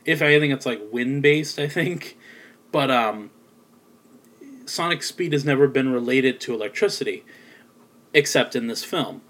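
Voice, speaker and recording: A man's voice: mid-range voice, normal speed, long pauses, fairly bright tone. Rambling man reviewing a film. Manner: rambling, many ums and likes. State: sleepy, yawning. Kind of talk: casual spoken review.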